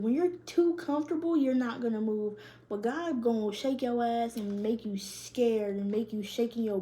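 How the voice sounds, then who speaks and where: A woman's voice: a little high, dark tone, a little hiss or hum. A young woman, doing a casual tarot reading in loose, profane slang and laughing often. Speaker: tarot reader.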